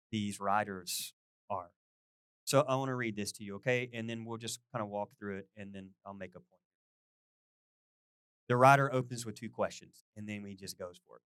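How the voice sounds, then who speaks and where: A middle-aged man preaching a casual, conversational sermon as a pastor, chatty and animated, often asking his listeners questions. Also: lowish voice, smooth, no room sound, studio quality.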